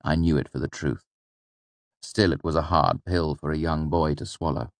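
A man narrating an audiobook in the first person, in a measured, reflective storytelling manner. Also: extremely low pitch, steady tone, creaky, dry recording.

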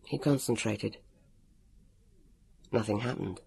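Slow expressive narrator for a storybook, husky, close and dry. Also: mid-range voice, no room sound.

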